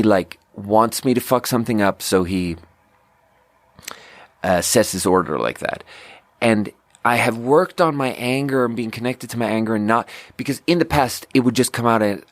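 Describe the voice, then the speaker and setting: Low-voiced man telling a restaurant story. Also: no echo. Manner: animated, acts out quoted voices with big pitch jumps; frequent fillers like "like" and "you know". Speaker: podcast host; restaurant server. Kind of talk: casual storytelling monologue.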